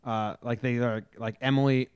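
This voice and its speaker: A man's voice: mid-range voice, steady tone, moderate pace, clean tone, no room sound, clean studio sound. A young man co-hosting a sports talk show, chatting casually and hesitantly with many fillers. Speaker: sports podcast co-host.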